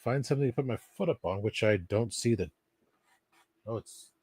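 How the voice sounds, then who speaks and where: A man's voice: lowish voice, normal speed, a little mellow, slightly rough, no room sound. A man vlogging from home, rambling and thinking aloud, recorded by a camera set at some distance. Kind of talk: casual vlog monologue.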